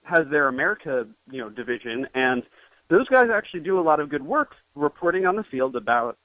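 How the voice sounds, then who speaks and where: A young man, a journalist guest, talking in an interview in a halting way with many restarts. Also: fairly high pitch, very animated, pushed and bright, no echo, poor audio. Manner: hesitant, full of restarts. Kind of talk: interview conversation.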